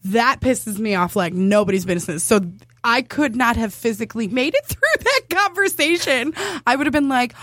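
A woman's voice: on the high side, big pitch swings, normal speed, a bit bright, no room sound, studio quality. Wry, chatty podcast co-host woman. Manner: candid, wry, chatty storytelling. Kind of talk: casual chat.

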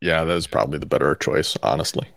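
A man's voice: a bass voice, vocal fry, fairly bright tone, no echo, clean studio sound. A man co-hosting a radio show, chatting casually and often restarting his words. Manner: halting, restarts words, good-humored. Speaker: co-host. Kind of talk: casual chat.

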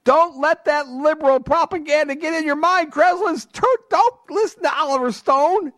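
A man putting on a shrill, nagging voice to play a scolding male fan of conservative talk radio. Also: moderate pace, fairly bright tone, dry recording, clean studio sound. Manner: nagging, mocking, high and strained.

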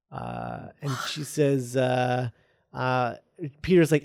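A man casually retelling a film script as a podcast host, halting with lots of ums and uhs. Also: mid-range voice, dry recording, clean studio sound. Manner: halting, full of ums and uhs, reads quoted lines flatly. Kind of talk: casual chat.

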